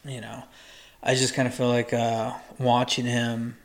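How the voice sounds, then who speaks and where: A man with an ordinary mid-range voice talks through his thoughts on a casual podcast. He hesitates, restarts and fills pauses as he goes. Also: mid-range voice, completely flat delivery. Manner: hesitant, rambling, many ums and restarts. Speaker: podcast co-host. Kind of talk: casual chat.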